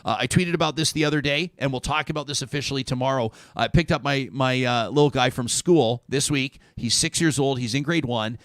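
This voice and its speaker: A man's voice: medium pitch, a little fast, hardly any pauses, a bit bright, dry recording, studio quality. A man in his thirties hosting a talk show, chatting casually and joking, rambling with restarts. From Canada.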